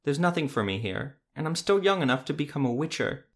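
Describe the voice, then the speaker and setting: A man's voice: mid-range voice, animated, a little fast, gravelly. A man voicing a tearful young village boy who pleads and begs. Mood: pleading.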